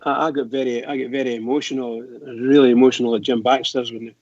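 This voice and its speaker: A man's voice: medium pitch, level tone, fast, darkish tone, no room sound. A man co-hosting a fan radio show, hesitant, stumbling and repeating his words. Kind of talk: casual fan radio chat. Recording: dry, dull lo-fi line.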